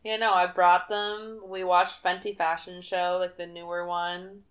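A young woman in her twenties co-hosting a podcast, chatting in a relaxed way with lots of "like.". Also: on the low side, unhurried. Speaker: podcast co-host. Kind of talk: casual chat.

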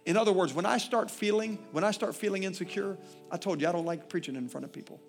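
A man preaching from the pulpit with a fairly high voice, building to loud declarations and then dropping to hushed, personal asides. Soft music plays faintly behind him. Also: quick pace, gravelly. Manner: impassioned preaching, swinging from loud declarations to quiet intimate asides. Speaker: pastor. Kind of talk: sermon.

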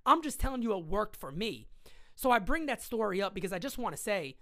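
A man co-hosting a casual sports podcast, talking in an animated way and jumping up in pitch when he gets excited. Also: a little fast. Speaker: podcast co-host.

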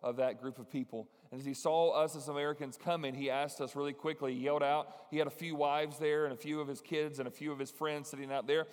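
Earnest preacher guy, kinda high voice, long hall echo, repeats himself to drive it home. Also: steady tone, fast talker, hardly any pauses. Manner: earnest, repeats words when stressing. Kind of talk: sermon with story and prayer. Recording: long reverb of a large hall.

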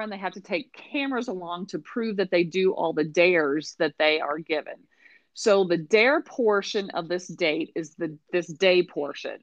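A woman's voice: medium pitch, dry recording. A middle-aged woman hosting a podcast, recapping an episode in a chatty, wry way with exasperated asides. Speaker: podcast host. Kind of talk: casual recap chat. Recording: dry, dull lo-fi sound.

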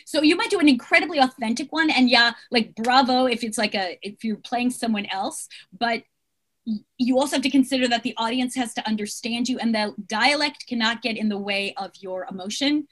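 Woman, middle-aged, actress guest, video call, chatty, fillers, fairly high voice. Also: a little fast. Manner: chatty, animated, many fillers and restarts. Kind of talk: casual interview chat.

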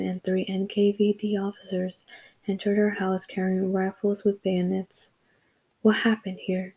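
A woman narrating a story in a steady, even reading voice. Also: medium pitch, slightly rough, poor audio. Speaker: audiobook narrator. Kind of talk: scripted narration.

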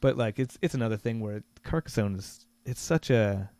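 A man's voice: on the low side, expressive, moderate pace, a little mellow, no room sound. A man co-hosting a board game podcast, talking loosely and trailing off with lots of fillers. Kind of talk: casual chat.

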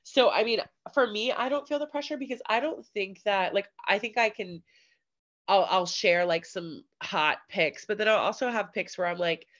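A woman co-hosts a podcast in a relaxed chat, with plenty of fillers and quoted asides. Her voice sits in the mid-range, fairly bright, at a normal speed. The audio is slightly dull and lo-fi.

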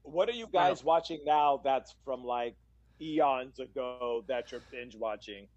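A man's voice: medium pitch, measured pace, darkish tone, dry recording, lo-fi sound. Chatty man in a dry room. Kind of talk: casual chat.

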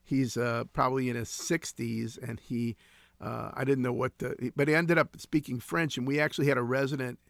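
A man's voice: mid-range voice, steady tone, moderate pace, gravelly, a bit bright, no echo. A man in his sixties, a ministry founder, telling stories in an earnest, reflective way during an interview. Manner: earnest, reflective, with frequent restarts. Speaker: guest, founder of a homeless ministry. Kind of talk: conversational interview storytelling.

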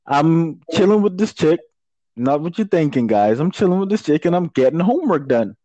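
A man's voice: on the high side, sing-song, moderate pace, dark tone, no echo. A young man in casual chat telling a story in a laid-back, rambling way, laughing often. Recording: dull lo-fi dry sound.

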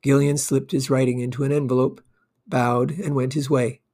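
A man narrating a classic short story as an audiobook, with calm, measured reading. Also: medium pitch. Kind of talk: scripted narration.

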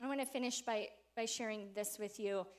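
A woman giving a sermon, telling a personal story with animated delivery and frequent laughter before turning to an earnest call. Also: mid-range voice, fairly quick.

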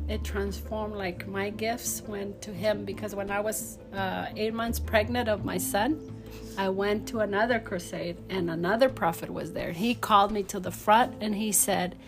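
A woman in her forties fervently telling a personal faith testimony in an interview, acting out the voices in her story. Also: medium pitch. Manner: fervent, animated storyteller who acts out quotes. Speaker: guest sharing her testimony.

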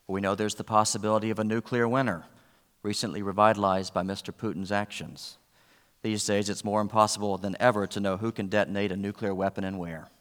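A man's voice: lowish voice, a bit bright, big-room sound. A man preaching a sermon, earnest, with rising emphasis on key points and wry asides. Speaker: pastor.

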